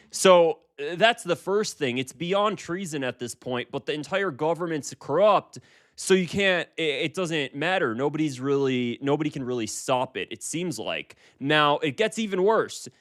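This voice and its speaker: A man's voice: fairly high pitch, fairly bright tone. Emphatic young man giving political commentary. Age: 20s. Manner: emphatic, repeats phrases, frequent restarts.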